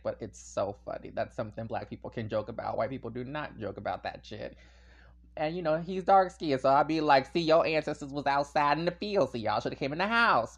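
A man hosting a podcast on his own, talking casually and animatedly, wandering into tangents and laughing often. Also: medium pitch. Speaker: podcast host. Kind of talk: casual solo podcast monologue.

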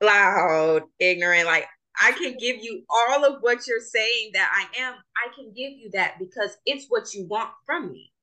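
A young woman with a bright, forceful voice hosts a relaxed podcast chat. She speaks with passion and strong opinions, pressing her points with emphasis. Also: medium pitch, measured pace, few pauses, low-quality recording. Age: young adult. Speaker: podcast host. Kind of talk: casual chat.

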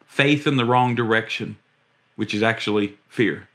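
A man's voice: lowish voice, normal speed, a bit bright. A man preaching a sermon with passion and emphasis, acting out the voices he quotes and repeating words as he builds each point.

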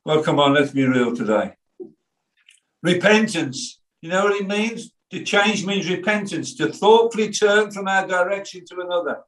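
An older English pastor with a Birmingham accent preaches a sermon full of stories, quoted voices, and asides. His high-pitched voice is expressive and fairly bright, at a moderate pace, heard from far off in an echoey room.

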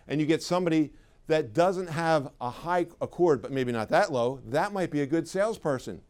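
A middle-aged man leads a live sales training, his voice a touch higher than most men's. He talks in an easy, conversational way but leans hard on his key points, often turning to the audience with questions. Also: a little mellow, clean tone. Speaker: sales trainer for clinic owners. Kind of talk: live seminar talk to an audience.

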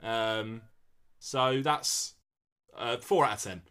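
A man co-hosting a casual comedic podcast, rambling and acting out film scenes with big jumps in pitch. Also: lively intonation, fairly quick, pushed and bright. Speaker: podcast co-host.

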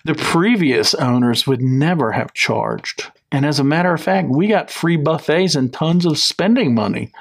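Lively joking male podcast co-host. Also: on the high side, moderate pace, gravelly, hardly any pauses, husky. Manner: joking, reads reviews aloud with mock voices. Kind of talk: casual comedic chat.

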